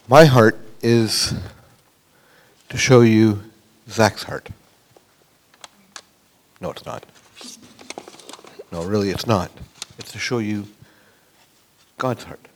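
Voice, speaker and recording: A man's voice: on the low side, drawn-out words, long pauses. A man speaking earnestly to a church congregation, giving a testimony.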